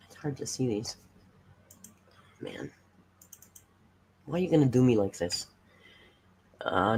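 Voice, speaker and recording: A woman's voice: a bass voice, very animated, slow, long pauses, darkish tone, breathy edge. A woman hosting a casual livestream reaction, sarcastic and swearing freely as she reads comments aloud. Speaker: reaction streamer host.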